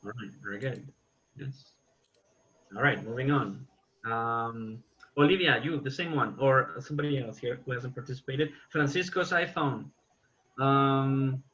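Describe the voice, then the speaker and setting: Bright-voiced man teaching an online English class. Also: mid-range voice, dull audio. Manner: patient, correcting students.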